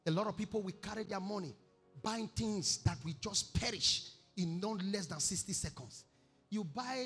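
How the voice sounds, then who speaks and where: A man with a Nigerian accent preaching a sermon. He moves between animated shouting, acted quotes and bursts of song. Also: high-pitched, husky. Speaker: pastor. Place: church. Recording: reverberant church hall with music behind.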